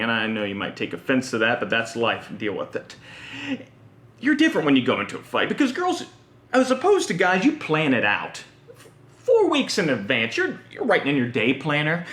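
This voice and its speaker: A man hosting a web series, telling a comic monologue in an animated, exaggerated way. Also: on the high side, a little fast, roomy sound. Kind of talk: comedic monologue.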